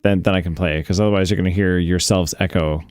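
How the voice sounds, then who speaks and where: Man, lowish voice, dry close sound, podcast producer, wry chatty. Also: steady tone, fast talker, darkish tone, smooth, no echo. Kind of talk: casual podcast chat.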